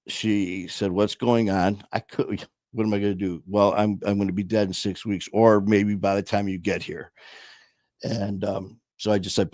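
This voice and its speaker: Low-voiced man recounting a story. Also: steady tone, darkish tone, no room sound, studio quality. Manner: slow, reflective, with many pauses and fillers. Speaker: podcast host telling his story. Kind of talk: personal storytelling.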